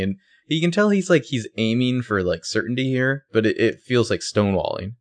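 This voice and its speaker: A man's voice: mid-range voice, lively intonation, a little fast. A man co-hosting a podcast in casual recap chat, joking and slipping into mock character voices. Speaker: podcast co-host.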